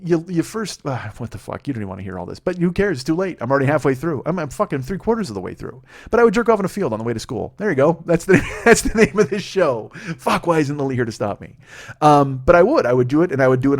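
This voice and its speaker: Fast-talking, foul-mouthed man telling stories. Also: medium pitch. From Illinois, US. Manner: rambling, heavily profane, self-mocking. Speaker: podcast host. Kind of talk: comedic storytelling monologue.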